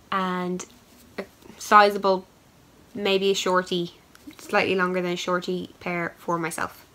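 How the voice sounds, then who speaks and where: On a roughly recorded clip with slight background noise, a woman hosting a knitting podcast chats casually as she shows yarn to the camera. Her voice sits lowish but has a fairly bright tone, and she rambles with plenty of fillers.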